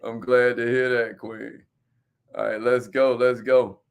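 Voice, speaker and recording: A man hosting a live stream on sales and entrepreneurship, energetic, repeating phrases and calling on viewers by name. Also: mid-range voice, a little slow, gravelly, clean tone.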